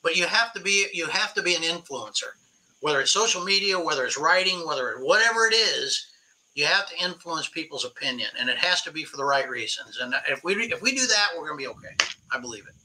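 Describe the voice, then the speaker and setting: A man's voice: on the high side, fast talker, rough recording. A man in his sixties, a guest on a podcast, telling stories in a spirited, emphatic way. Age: 60s. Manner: animated storyteller, spirited and emphatic. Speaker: podcast guest, veteran angler. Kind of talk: casual storytelling interview.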